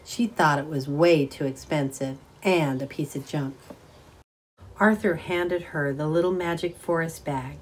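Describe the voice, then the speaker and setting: A woman reading a children's novel aloud in a steady, even storytelling manner. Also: low-pitched, unhurried, a little hiss or hum. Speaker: audiobook reader.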